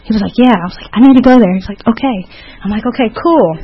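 Woman speaker, personal recovery testimony, candid and unpolished, slightly high voice, dull lo-fi sound. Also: quick pace. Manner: candid, rambling storytelling with many restarts.

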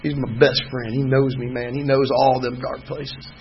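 A man's voice: medium pitch, level tone, moderate pace, highs cut off, slight background noise. A man gives a candid, rambling personal testimony at a recovery meeting, telling his story emphatically. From Georgia, US. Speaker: speaker sharing at a recovery meeting. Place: meeting room.

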